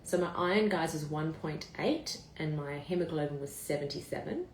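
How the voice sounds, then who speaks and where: A woman with a low voice tells her story to viewers in a candid live chat. She talks casually, swears freely and keeps calling her audience "guys". The room around her sounds echoey. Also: moderate pace, a little hiss or hum. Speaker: vlogger.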